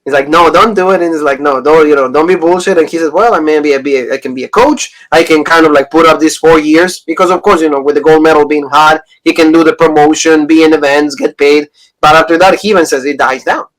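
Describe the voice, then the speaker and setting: Guy in his 30s from pennsylvania, pitch a bit high, rambly, retells stories w quotes. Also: quick pace, a bit bright, rough recording. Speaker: podcast co-host. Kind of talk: casual review chat.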